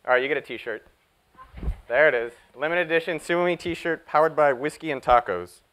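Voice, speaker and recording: A man giving a live conference talk, energetic and jokey as he hypes up the audience. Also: fairly high pitch, brisk, poor audio. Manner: energetic, jokey, hyping up the crowd. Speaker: keynote speaker.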